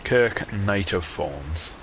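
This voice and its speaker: A man talks his way through a video game in casual, rambling commentary, dropping ums and mild swearing as he goes. His voice sits fairly low. A steady noise runs under the recording. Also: extremely slow, gravelly. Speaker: gamer.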